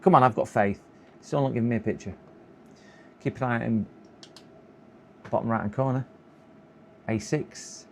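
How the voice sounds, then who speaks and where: Man, gravelly, sore throat, tired, mutters to himself, live repair stream. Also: medium pitch, moderate pace, pauses often, a little mellow, a little hiss or hum. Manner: muttering to himself, chuckling, hopeful coaxing. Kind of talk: casual live-stream commentary while working.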